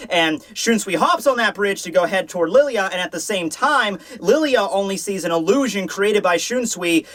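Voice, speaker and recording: A man with a high voice talks through a comic chapter review in a loose, chatty way. He fills gaps with fillers and restarts often as he explains. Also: expressive, moderate pace, fairly bright tone. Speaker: manga reviewer, channel host. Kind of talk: casual chapter review commentary.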